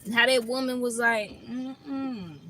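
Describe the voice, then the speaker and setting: A woman's voice: high-pitched, a bit bright, poor audio. A woman tarot reader ranting in a casual reading, blunt and profane, laughing often between lines.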